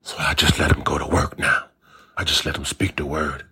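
A man's voice: extremely low pitch, steady tone, normal speed, pushed and bright, husky. A man preaching a sermon, building his points through repeated, emphatic phrases. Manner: repetitive, emphatic preaching cadence.

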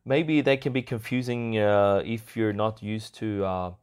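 Casual male podcast host, slightly low voice, loose and chatty. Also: measured pace, clear, resonant tone. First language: Vietnamese. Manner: relaxed, rambling with many fillers and small laughs. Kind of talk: casual explanatory talk.

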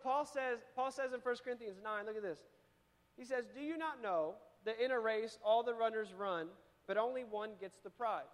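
A man preaching a sermon, energetic and talking straight to the congregation. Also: very high voice. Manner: energetic, calls on the congregation to repeat. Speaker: pastor. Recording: long reverb of a church hall.

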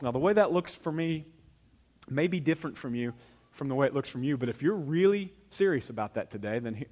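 A man preaching from the pulpit, his voice sitting a little higher than most men's. He speaks to the congregation like he is talking to each of them, pressing hard on key points and then dropping to almost a murmur. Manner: conversational preaching, swings from loud emphasis to hushed asides. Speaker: pastor. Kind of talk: sermon. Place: church sanctuary.

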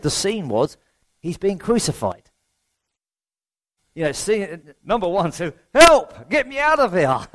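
Preacher, higher-pitched man. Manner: rhetorical questions, self-deprecating humour. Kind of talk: conversational sermon.

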